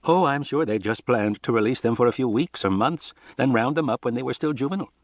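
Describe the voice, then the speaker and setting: A man voicing Malcolm, a calm, middle-aged male scientist who explains in measured tones, in an audiobook reading. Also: medium pitch, dry recording, studio quality, natural voice. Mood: musing.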